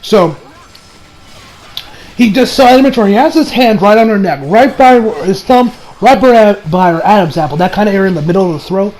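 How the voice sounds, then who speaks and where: High-voiced man rambling through an anime review. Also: expressive, brisk, darkish tone, a little hiss or hum. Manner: rambling, lots of fillers and restarts, swears casually. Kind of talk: casual spoken review.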